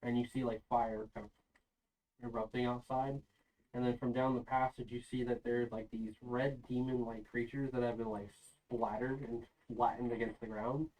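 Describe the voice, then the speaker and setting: A man's voice: medium pitch, level tone, normal speed, dull audio. Game master man, distant from the mic. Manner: loose, rambling descriptive narration. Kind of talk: narrating a tabletop game. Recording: voice sounding far from the mic.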